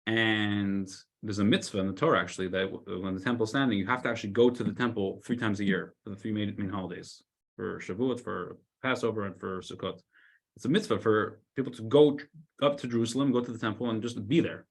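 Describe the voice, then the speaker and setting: A man, a rabbi, telling a story in a weekly Torah class, loudly acting out the scolding characters. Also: on the low side, quick pace. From United States. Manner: animated storyteller, shouts the lines of scolding characters.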